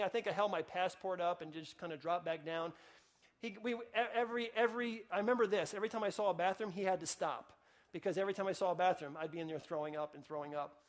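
Speaking to his congregation, a middle-aged pastor recounts a personal story in a conversational tone, then goes hushed for prayer. His voice sits high.

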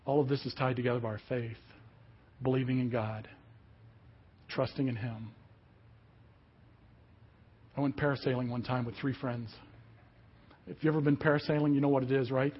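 Pastor, male, husky higher voice, sermon with vivid storytelling, dull lo-fi audio. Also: normal speed, long pauses. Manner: animated storytelling, acts out quotes.

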